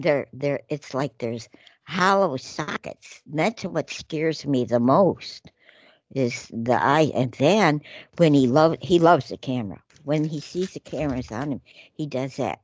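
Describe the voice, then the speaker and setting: A woman co-hosting a casual talk show, reading news aloud with animated outbursts and asides. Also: extremely low pitch, slow, dry recording. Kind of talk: casual political chat.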